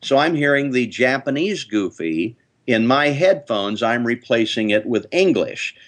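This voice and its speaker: An older man, a voice actor, telling lively interview anecdotes. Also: mid-range voice, measured pace. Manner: lively storyteller, slips into character voices. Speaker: voice actor guest.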